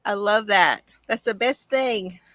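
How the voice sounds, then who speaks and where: Slow-talking gushing woman livestreamer. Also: medium pitch, a bit bright, no echo. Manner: chatty, gushing, answers viewer comments. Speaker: crafting livestream host. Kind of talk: casual livestream chat.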